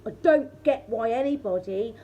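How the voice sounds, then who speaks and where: A woman's voice: a little high, moderate pace, mellow. A woman tarot reader chatting casually to her viewers, laughing often and talking straight to the audience. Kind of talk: casual tarot reading chat.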